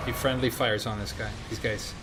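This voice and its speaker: A man's voice: medium pitch, fairly quick, loud music behind the voice. A man with a Swedish accent casually commenting on a game he plays live, chatting with his viewers. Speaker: game streamer. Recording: steady background noise.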